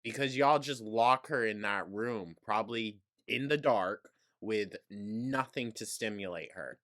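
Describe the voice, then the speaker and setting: Snarky, bright-voiced reaction commentator. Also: mid-range voice, a little slow. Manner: snarky, mocking, profane asides. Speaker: commentary host.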